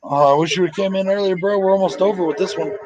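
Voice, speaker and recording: A man's voice: sits high, fast talker, highs cut off, a crowd in the background. A man hosting a casual live movie commentary, tired and sleepy, talking in a rambling, emotional and profane way with lots of fillers.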